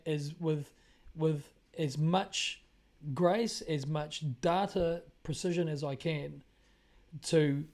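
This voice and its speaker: A man's voice: a little high, mellow. A man with a New Zealand accent hosting his own commentary broadcast, speaking emphatically and repeating phrases for effect. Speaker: independent broadcaster, show host. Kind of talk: monologue commentary on current events.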